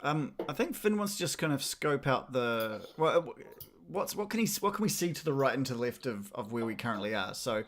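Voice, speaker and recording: A man with a New Zealand accent playing a tabletop game, thoughtful and pausing with ums as he plans his moves. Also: medium pitch, sing-song, fairly bright tone. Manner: thoughtful, filling gaps with ums. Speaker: player. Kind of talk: casual tabletop play.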